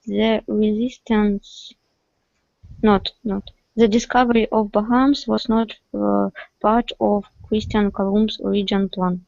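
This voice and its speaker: A woman's voice: mid-range voice, level tone, measured pace, creaky, a little mellow, no room sound, dull audio. A woman whose native language is Russian, answering hesitantly in English as a student and searching for words.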